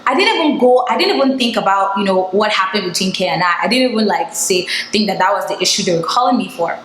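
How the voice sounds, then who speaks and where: A woman's voice: mid-range voice, expressive, fast talker, a bit bright. Young woman vlogger spilling a story, chatty and candid, echoey room with a bit of hiss. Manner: chatty, candid, full of "like" and "blah blah". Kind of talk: casual storytime chat.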